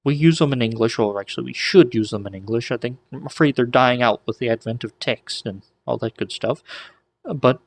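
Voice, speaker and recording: A man teaching ancient Greek in a relaxed, chatty lesson, with frequent restarts and small jokes. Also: medium pitch, a little fast. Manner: relaxed, many restarts and asides, light joking. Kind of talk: casual whiteboard lesson.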